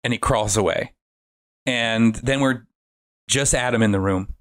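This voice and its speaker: A man with a mid-pitched, ordinary voice tells a film's story at length on a casual podcast. His delivery is animated and loose, and he peppers it with profanity. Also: unhurried. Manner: animated storytelling with frequent swearing. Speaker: guest. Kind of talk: casual podcast film recap.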